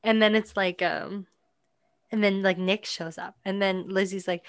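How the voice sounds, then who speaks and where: A woman's voice: mid-range voice, fairly even intonation, unhurried, smooth, dry recording. A young woman hosting a podcast, chatting casually about a movie with lots of "like" fillers. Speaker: podcast host.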